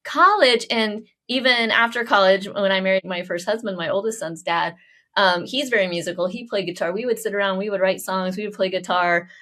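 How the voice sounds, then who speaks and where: A woman's voice: mid-range voice, fairly quick. Effusive woman podcast host in her 40s. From Oklahoma. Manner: animated, effusive, laughs often. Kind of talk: casual interview chat.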